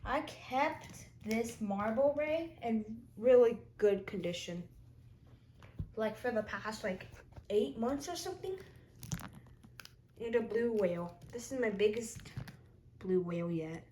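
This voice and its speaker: A woman's voice: on the high side, lively intonation, slow, pauses often, warm tone, a little hiss or hum, rough recording. A woman in a casual show-and-tell vlog, chatting as she lists her figures one by one with short comments. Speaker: toy collector showing her figures.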